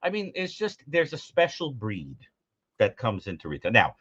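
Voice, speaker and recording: A husky, mid-range voice at normal speed belongs to a call-in show co-host who chats casually and tells funny stories, animatedly mimicking their characters and laughing often. The recording is dry and lo-fi.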